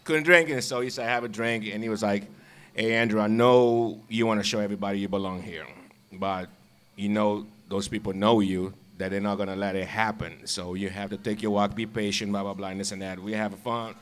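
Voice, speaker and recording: A man's voice: lowish voice, fairly bright tone, clean tone. A man, a former ballplayer, casually telling stories with frequent laughs and repeated words. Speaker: guest, former baseball player. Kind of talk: casual storytelling.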